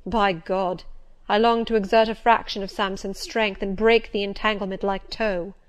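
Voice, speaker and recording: A woman voicing a vehement, pleading gentleman. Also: mid-range voice, fairly even intonation, normal speed, clear, resonant tone, natural voice. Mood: vexed. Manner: pleading and vehement, louder than the narration. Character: passionate, agitated middle-aged gentleman. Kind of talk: audiobook character voice.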